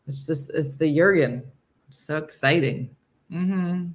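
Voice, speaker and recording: Low-voiced woman chatting on a livestream. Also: takes it slowly. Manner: rambling and chatty, many fillers and restarts; clears throat often. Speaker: livestream host. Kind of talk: casual chat with live viewers.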